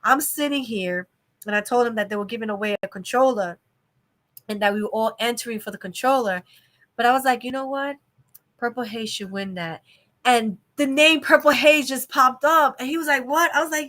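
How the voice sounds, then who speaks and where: A woman chatting on a livestream from home, her voice bright and a little high. She tells a story with animated exclamations and quick bursts of laughter. Her tone is casual throughout. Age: adult mother of a young child. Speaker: livestream host.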